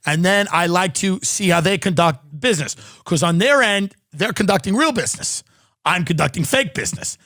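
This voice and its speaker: A man's voice: high-pitched, expressive, moderate pace, pushed and bright, no echo, studio quality. A middle-aged man hosting a podcast, telling a comic story in a sardonic, riffing way and mimicking the people in it. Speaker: podcast host. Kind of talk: comedic storytelling monologue. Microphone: studio podcast mic.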